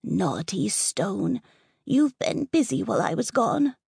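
In an audiobook, a woman puts on a gravelly, breathy fairy godmother, an older woman who is sharp and exasperated. She talks slowly and her lowish voice swoops up and down. The sound is dry and close. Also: sing-song, dry recording, full character voice. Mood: indignant. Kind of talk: audiobook character voice.

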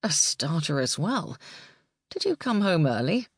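A woman's voice: on the low side, sing-song, measured pace, slightly rough, no room sound, studio quality, full character voice. A woman voicing a cheerful young man, a designer, with a teasing, easygoing way of talking.

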